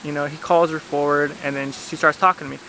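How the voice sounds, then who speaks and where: Man, travel vlogger, fairly high voice, bright tone, rambling casual storytelling, outdoors with faint background noise. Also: level tone, fast. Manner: chatty, rambling, heavy use of "like". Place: outdoors at a beach table.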